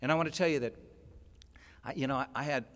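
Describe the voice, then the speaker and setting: The long echo of a huge convention hall carries this man's voice as he recounts his story at a recovery convention workshop. He speaks quickly and with animation, moving between excited bursts near a shout and soft, low-voiced asides.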